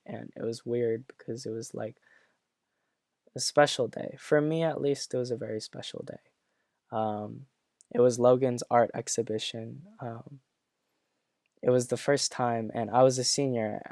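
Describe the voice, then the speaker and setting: A young man speaking earnestly and haltingly about a schoolmate, with many fillers and restarts, getting choked up at times. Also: mid-range voice, a little mellow, no echo. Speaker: former classmate sharing memories. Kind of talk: personal reflective talk.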